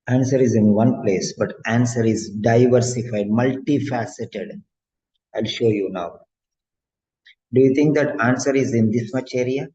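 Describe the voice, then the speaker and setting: A man's voice: medium pitch, unhurried, warm tone. A male exam coach giving a motivational lecture, preachy and repeating phrases for emphasis. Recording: dull lo-fi lecture audio.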